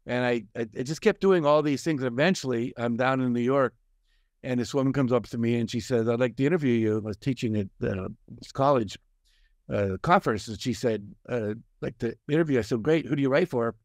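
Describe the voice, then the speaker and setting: Older man telling lively stories, dry mic. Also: mid-range voice, brisk, dry recording. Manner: animated storyteller, acts out quoted voices. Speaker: guest, success coach and author. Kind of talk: storytelling in a conversation.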